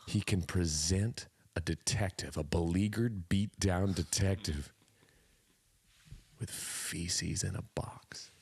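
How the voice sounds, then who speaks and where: A man's voice: deep voice, slow pace, creaky, husky. A man co-hosting a casual podcast chat, rambling and laughing constantly. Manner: giggly, rambling, breaks into laughter. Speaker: podcast co-host.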